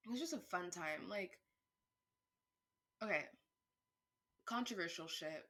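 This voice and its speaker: A woman vlogger thinking aloud in a casual monologue, rambling with restarts, swearing freely, and turning louder and higher when worked up. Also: measured pace. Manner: animated, rising pitch and volume when worked up.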